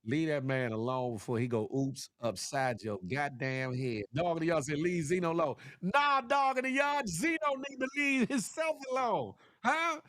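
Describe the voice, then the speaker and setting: Man, high voice, dry close sound, animated morning-show host, teasing trash talk. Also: moderate pace, few pauses, dry recording. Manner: animated, swings between high teasing calls and low serious asides; playful trash talk with laughs and repeated "huh?". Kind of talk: casual commentary monologue.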